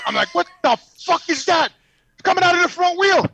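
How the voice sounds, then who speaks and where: A man's voice: very high-pitched, fast, pushed and bright, a little hiss or hum. A man with a New York accent, telling a profane story by phone from his truck cab while driving. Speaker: regular guest calling in. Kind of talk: casual storytelling.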